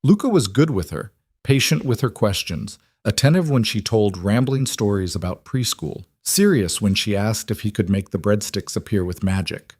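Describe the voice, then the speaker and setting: Low-voiced man narrating a romance story. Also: animated, moderate pace, a little mellow, breathy edge, dry recording. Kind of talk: scripted audiobook narration.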